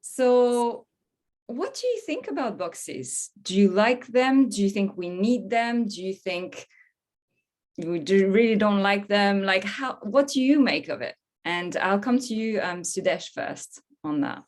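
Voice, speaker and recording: A woman from France, hosting an online panel in a chatty way. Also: mid-range voice. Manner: chatty, quick, with many fillers. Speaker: host. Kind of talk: webinar hosting.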